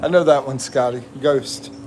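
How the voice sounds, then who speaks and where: An American livestream host living in the Philippines chats casually, laughing as he reads viewer comments in a slow, drawn-out way. His voice is medium-pitched and a little mellow, with slight background noise.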